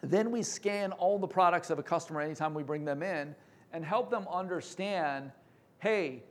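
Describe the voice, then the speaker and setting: A man giving an energetic business presentation, joking now and then and using fillers. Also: fairly high pitch, normal speed. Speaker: company presenter.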